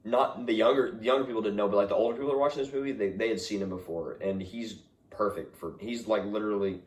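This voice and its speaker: A man's voice: fairly low pitch, quick pace, far from the mic. Enthusiastic man in an echoey room. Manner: enthusiastic, gushing, repeats himself. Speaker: movie review co-host. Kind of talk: casual chat.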